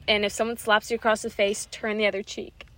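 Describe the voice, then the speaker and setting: A young woman co-hosting a podcast, making goofy, deadpan one-liners in casual chat. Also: medium pitch, brisk. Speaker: podcast co-host.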